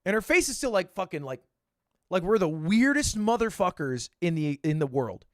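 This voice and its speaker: A man's voice: high voice, sing-song, moderate pace, dry recording, studio quality. A male streamer telling a story in a casual, self-deprecating way, swearing freely.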